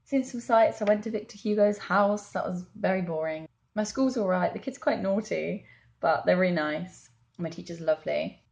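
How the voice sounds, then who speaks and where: Low-voiced young woman with a gravelly edge. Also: moderate pace, a little mellow. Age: young adult. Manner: chatty and candid, laughing and fillers, "like" and "um". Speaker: vlogger, language assistant abroad. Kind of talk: casual video diary.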